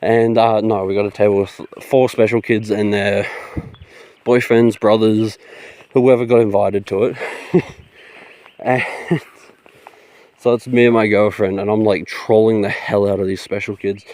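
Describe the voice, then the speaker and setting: A young man tells a rambling story straight into his phone, laughing and swearing freely. His voice sits low and sounds mellow and relaxed, with nothing sharp in it. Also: measured pace. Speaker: vlogger. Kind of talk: casual storytelling. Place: outdoors.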